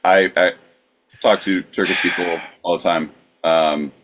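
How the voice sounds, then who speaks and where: A man co-hosting a podcast, calmly wrapping up segments and reading out sources. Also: low-pitched, a little slow. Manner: dry, wraps up segments. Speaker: podcast co-host. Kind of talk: casual podcast banter.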